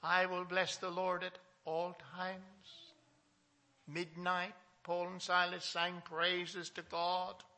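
A male pastor preaching a Sunday sermon to his small congregation, reading scripture with emphasis and asking questions, swinging from loud to soft. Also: high voice, completely flat delivery, takes it slowly.

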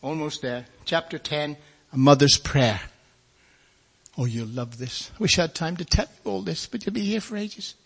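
Husky older male preacher telling his story. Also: fairly high pitch, expressive, normal speed, fairly bright tone. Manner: storytelling, folksy, acts out voices of others. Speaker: preacher giving his testimony. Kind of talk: testimony sermon.

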